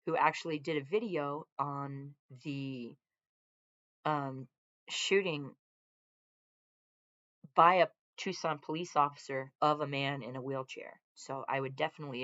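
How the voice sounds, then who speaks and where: A woman who served in the military vlogs live from her living room, her low, slightly bright voice coming through dull audio. She chats casually and rambles, drifting onto tangents and talking to both her dogs and her viewers.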